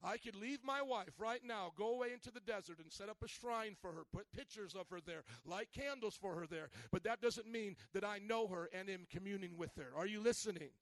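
A man preaching a lively sermon as pastor, slangy and playful, calling on the congregation to respond. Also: sits high, fairly quick, hardly any pauses, no echo. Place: church service.

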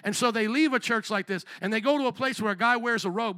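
A man's voice: sits high, brisk, hardly any pauses, pushed and bright, dry recording. A man preaching a sermon as pastor, blunt and direct, acting out little voices of other people as he makes his points.

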